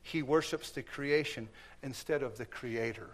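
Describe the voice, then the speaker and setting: Speaking at normal speed in a mid-range voice, a man gives a sermon in a church. His stories include acted quotes, and he alternates between booming and hushed tones.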